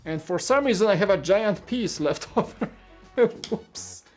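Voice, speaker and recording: A man's voice: high voice, expressive, measured pace, a little mellow. A man whose first language is Polish chats casually through a live build stream. He stammers, restarts his sentences and laughs often, while music plays faintly underneath his voice. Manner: rambling, stammers and repeats words; chuckles often while talking. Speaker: livestream host.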